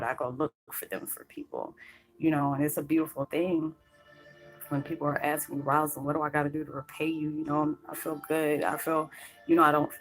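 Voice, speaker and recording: A woman's voice: sits low, low-quality recording. A woman vlogger talking earnestly about her spiritual path, rambling with many fillers and close to tears. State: choked up, near tears. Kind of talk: emotional personal talk to camera. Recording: faint background music.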